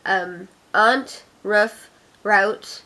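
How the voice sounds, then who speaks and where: A woman from Canada with a cold, speaking in a gruff voice, chatting casually through a vlog challenge with a self-deprecating, filler-filled manner. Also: mid-range voice, drawn-out words, pushed and bright. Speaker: vlogger.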